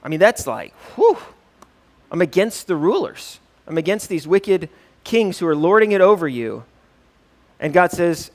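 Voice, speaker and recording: A man's voice: high voice, very animated, measured pace. A male pastor teaching a church class in a conversational way, often checking in with "right?" and reading scripture aloud with rising emphasis. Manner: conversational, keeps asking "right?".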